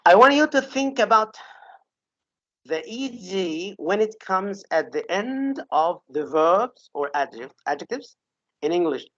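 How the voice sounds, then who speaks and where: A woman's voice: mid-range voice, very animated, unhurried, a bit bright, dry recording. A woman teaching English pronunciation in an online lesson, patiently repeating example words and often checking in with "okay?". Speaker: English teacher giving a webinar. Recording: dull lo-fi webinar audio.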